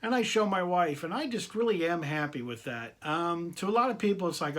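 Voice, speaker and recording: A man's voice: fairly high pitch, animated, normal speed, a bit bright. A man hosting his own collector video channel, chatting casually and enthusiastically to camera, repeating himself and laughing often.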